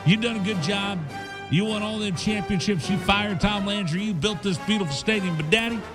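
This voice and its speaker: A man's voice: sits high, a little fast, voice pushed up, natural voice. A man voicing a grown son who pleads with his father to step down, whining and repeating "Daddy", with music behind. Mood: pleading.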